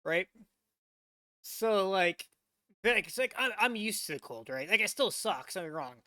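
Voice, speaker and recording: An American man hosting VTuber reactions rambles about a video in a bright, forceful, high-pitched, sing-song voice at a moderate pace. Incredulous and swearing, he stumbles, restarts, repeats himself and crams "like" into every sentence. The sound is close and dry, with no room around him.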